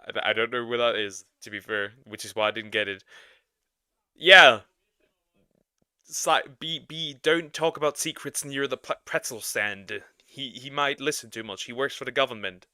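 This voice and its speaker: A man's voice: medium pitch, fairly even intonation, moderate pace, bright, forceful tone, smooth, no room sound, clean studio sound. A young man streaming, giving chatty, rambling reaction commentary and laughing often. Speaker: VTuber streamer.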